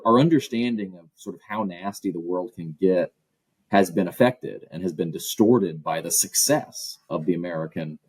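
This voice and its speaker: Guest academic, male, low husky voice, measured and analytical. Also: a little mellow, dry recording, rough recording. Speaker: guest author and professor. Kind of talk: interview answers.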